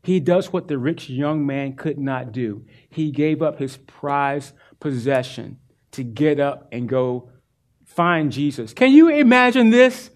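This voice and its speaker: A male pastor preaching a sermon, earnest and animated as he retells a Bible story. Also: medium pitch, slow.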